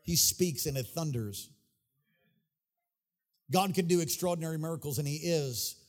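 A pastor preaches to his congregation in a church sanctuary, his slightly high voice moving at a moderate pace. His cadence is fervent and sing-song, with repeated phrases, picked up by a handheld or stage mic.

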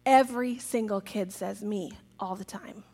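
A woman giving a jokey, lively talk to a church audience about children's ministry, acting out quotes in a raised voice. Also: mid-range voice, normal speed, gravelly.

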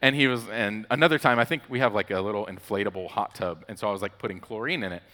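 Chatty low-voiced man preaching in a hall. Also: quick pace. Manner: relaxed and chatty, with frequent "like" and storytelling asides. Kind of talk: casual conversational sermon. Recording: long hall reverb.

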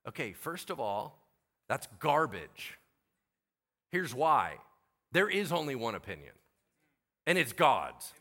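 Animated bright-voiced preacher man. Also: a little high, slow, pauses often. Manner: animated, acts out biblical characters in casual slang. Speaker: pastor. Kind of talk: sermon.

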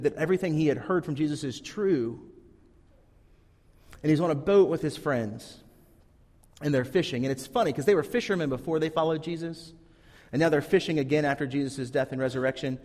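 A man's voice: a little high, a little mellow. Earnest male preacher in a reverberant hall. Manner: earnest storytelling, acts out quotes. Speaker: pastor. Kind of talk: sermon.

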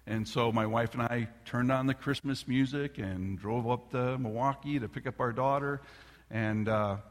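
A middle-aged man preaching a sermon as a pastor, an animated storyteller who talks straight to the congregation. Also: medium pitch, normal speed. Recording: long reverb of a large hall.

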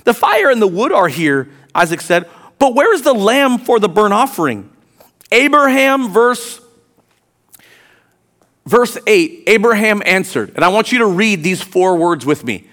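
A man preaching a sermon as pastor, reading scripture aloud and swinging from quiet, drawn-out lines to loud, emphatic ones. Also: high-pitched, sing-song.

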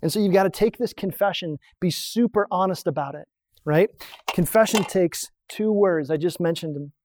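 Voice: mid-range voice, normal speed, darkish tone. A pastor giving a conversational sermon, explaining points on a drawn diagram and asking the listeners rhetorical questions.

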